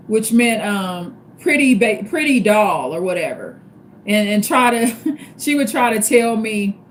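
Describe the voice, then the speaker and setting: A woman's voice: on the high side, a little hiss or hum. A woman hosting a live stream, giving casual advice in a repetitive, emphatic way that spells each point out step by step. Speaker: livestream host.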